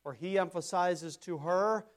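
A man preaching a sermon in an emphatic, repetitive cadence, swinging between loud declarations and quieter passages. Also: sits high, unhurried.

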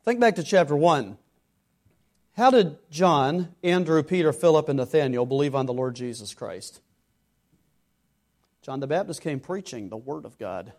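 Earnest male preacher, loud then hushed. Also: on the high side, expressive, normal speed, pauses often. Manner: swings from loud exhortation to hushed earnest tones; acts out imagined questioners and replies. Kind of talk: sermon.

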